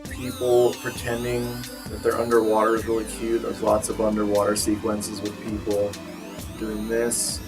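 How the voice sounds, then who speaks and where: Monotone and lowish, a man talks at normal speed with music in the background, his voice a little far from the mic. He's reviewing movies in a casual vlog, rambling wryly with lots of fillers and self-deprecation, sounding tired and a bit bloated.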